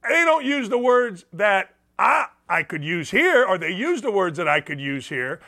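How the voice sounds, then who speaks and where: Sports radio host, a man with a high, bright voice, blunt and sarcastic, lively delivery. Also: normal speed, hardly any pauses. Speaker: sports talk show host. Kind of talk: opinionated sports talk monologue.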